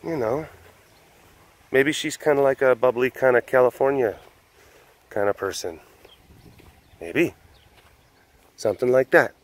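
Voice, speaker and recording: A man's voice: medium pitch, unhurried, pauses often, poor audio. A man hosting a casual vlog, rambling through ideas with self-mocking asides and frequent laughs. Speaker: host.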